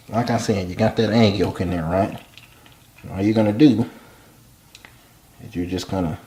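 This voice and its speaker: A man giving a casual cooking demonstration in a home kitchen, with folksy, relaxed step-by-step instructions. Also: fairly low pitch.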